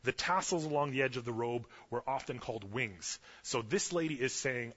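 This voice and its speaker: Young guy preaching, chatty and animated, bright husky voice, kinda muffled lo-fi recording. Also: medium pitch, normal speed, few pauses. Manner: animated, acts out quotes loudly, chatty fillers. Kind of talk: casual storytelling sermon.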